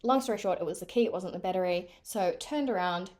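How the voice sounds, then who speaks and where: A young woman from New Zealand with a New Zealand accent, chatting casually to camera in an animated way with lots of fillers. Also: fairly low pitch, quick pace. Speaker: vlogger.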